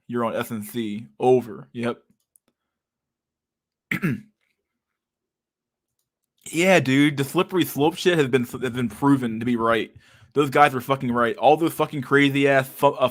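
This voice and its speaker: A man hosting a casual livestream, reacting to memes with loose, profane talk and frequent laughter. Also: mid-range voice.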